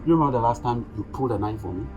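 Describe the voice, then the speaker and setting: An actor voicing a blunt young man in a youth drama, scolding his friend in a mid-pitched, exasperated voice. Faint music plays under it. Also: animated, very fast, lightly acted. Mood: accusing. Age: young adult. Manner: accusing, exasperated.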